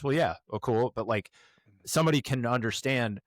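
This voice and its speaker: A man's voice: medium pitch, moderate pace, no room sound, clean studio sound. A man hosting an interview show who asks loose, rambling questions full of fillers. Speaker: podcast host.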